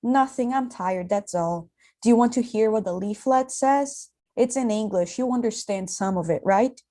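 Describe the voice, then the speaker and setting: A woman gives voice to a worn-out man murmuring down the phone at night, dry and teasing. The tone is soft and warm, never bright, with a wry edge under the fatigue. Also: fairly high pitch, moderate pace, lightly acted.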